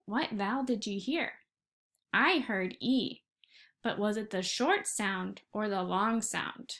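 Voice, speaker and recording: A woman's voice: mid-range voice, expressive, slow, fairly bright tone. A woman teaching a first grade phonics lesson, speaking patiently and encouragingly and stretching out each sound for young children. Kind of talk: recorded online phonics lesson.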